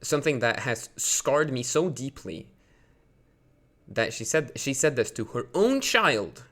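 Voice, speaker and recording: A very animated Swedish man with a mid-range voice rants on a live stream at an unhurried pace. His rambling, indignant delivery is crowded with fillers, and he gets louder in bursts when outraged.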